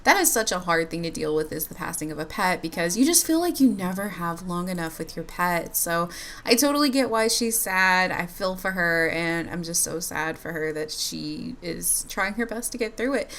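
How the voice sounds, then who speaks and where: A woman's voice: on the low side, expressive, moderate pace, fairly bright tone. A woman giving chatty, bubbly commentary over a life-sim game, laughing often as she talks to her viewers. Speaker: life-sim gameplay YouTuber. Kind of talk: casual gameplay commentary.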